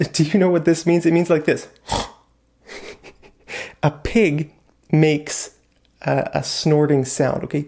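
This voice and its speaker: A man's voice: a little high, a little mellow. A man teaching English vocabulary in a casual online lesson, explaining words patiently with examples and checking in with "okay?". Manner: fillers like "like" and "okay?" between points.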